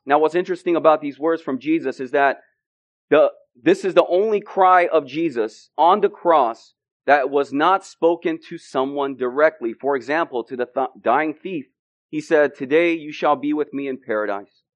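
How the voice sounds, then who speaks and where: A male pastor delivering a sermon in an earnest, measured way. He builds toward emphatic, declaring lines. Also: a little high.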